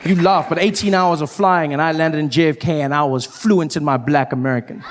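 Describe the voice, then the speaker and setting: A South African man performing stand-up comedy, animated and acting out voices, recorded live on stage. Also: high voice, normal speed, a crowd in the background, background noise. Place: live comedy venue with audience.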